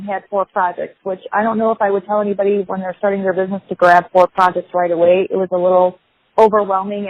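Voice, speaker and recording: A woman's voice: medium pitch, no room sound. A woman guest in an interview, talking in a practical, encouraging way and often adding "right?". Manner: practical and encouraging, tag questions. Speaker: guest, home builder. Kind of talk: conversational interview. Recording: dry phone-like lo-fi line.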